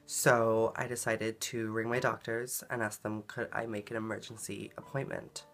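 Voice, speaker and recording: A woman's voice: a bass voice, level tone, normal speed, fairly bright tone, faint music behind. A woman vlogging a personal story in a casual, earnest way, full of "like" and "um" fillers. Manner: chatty, filler-heavy, frequent "like" and "um"; earnest and emotional in retelling.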